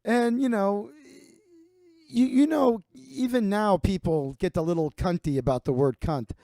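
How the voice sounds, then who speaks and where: A man's voice: high-pitched, normal speed, gravelly, warm tone, no echo. Rambling, profane man in his forties. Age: 40s. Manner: profane, rambling with many fillers and restarts. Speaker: comedian host. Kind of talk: rambling comic storytelling.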